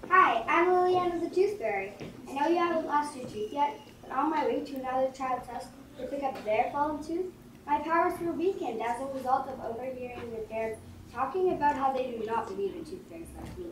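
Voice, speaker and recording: A woman playing a weary, gentle tooth fairy. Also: high-pitched, a little fast. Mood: pleading. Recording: echoey room, distant mic, noise.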